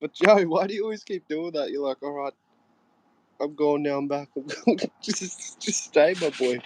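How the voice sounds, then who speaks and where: Talking into his phone on a live stream, a young Australian man chats casually in a laid-back way, laughing a lot and swearing freely. His voice is fairly high and darkish, a little slow, with faint noise and clicks in the recording.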